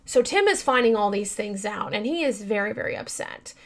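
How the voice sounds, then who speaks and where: A woman's voice: mid-range voice, expressive, a little fast. A woman hosting a true-crime podcast, telling the story casually with many fillers and talking straight to her listeners, earnest and yawning now and then. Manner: chatty, many fillers, addresses listeners as you guys; earnest and upset by the case.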